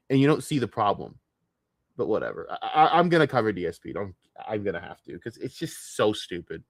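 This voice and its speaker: A man streaming, reacting to clips with profane, mocking rants, swinging between loud outbursts and low muttering. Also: dry recording, clean studio sound. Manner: shifts between shouting and muttering.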